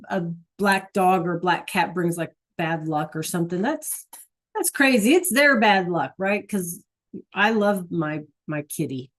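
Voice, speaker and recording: Friendly middle-aged teacher, woman, online class, keeps checking in with students. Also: medium pitch. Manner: chatty, encouraging, frequent "right?" checks. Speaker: Spanish teacher. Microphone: video call.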